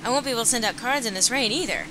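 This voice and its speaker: A woman with a slightly hoarse voice from a cold, voicing a kind, upbeat teenage girl pigeon. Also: on the high side, racing, background noise, close to an everyday voice. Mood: chirpy.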